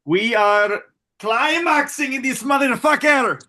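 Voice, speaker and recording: Man as rowdy Irish drunk, high and bright, hammy. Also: takes it slowly, exaggerated voice. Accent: put-on Irish. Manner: loud, whooping, crude.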